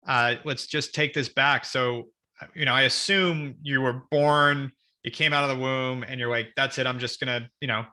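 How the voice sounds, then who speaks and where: A man's voice: mid-range voice, pushed and bright. A man hosting a podcast, chatting casually and telling joking stories to his guest. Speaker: podcast host. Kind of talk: casual interview chat.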